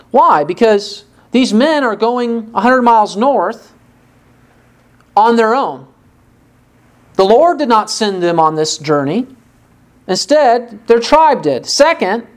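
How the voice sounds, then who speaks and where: A woman delivers an expository sermon in a slightly high voice. She walks her listeners through the text, pressing them with rhetorical questions and leaving emphatic pauses. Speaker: preacher.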